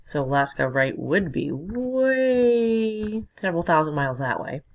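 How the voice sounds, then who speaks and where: A woman with a very low, gravelly voice walks students through a recorded lesson. She explains patiently, step by step, while drawing and labeling. Faint keyboard clicks sound behind her. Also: fast talker, low-quality recording. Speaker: teacher.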